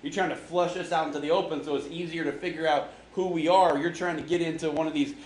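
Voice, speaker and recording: Man doing a skeptical dude brushing someone off, low and slangy, echoey room. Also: fairly even intonation, fast, a little hiss or hum, lightly acted. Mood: suspicious. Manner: slangy, dismissive. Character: suspicious street-smart male believers, dismissive.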